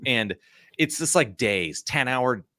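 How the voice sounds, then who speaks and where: A man's voice: mid-range voice, animated, slow pace, sharp tone, no echo, clean studio sound. A man in his thirties, a podcast guest, telling a story in a casual, rambling way full of "like" and "you know".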